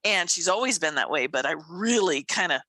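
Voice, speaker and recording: A woman hosting a podcast in casual chat, telling stories with animated acted-out inner voices and frequent laughter. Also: lowish voice, brisk, dry recording. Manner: animated storytelling, acts out quoted thoughts, laughs often. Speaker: podcast host.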